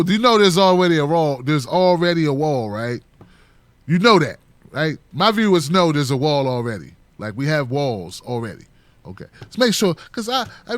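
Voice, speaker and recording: A man's voice: a little high, big pitch swings, normal speed, no echo. A middle-aged man hosting a casual solo commentary, joking loosely and acting out other people's voices. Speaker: political commentary host.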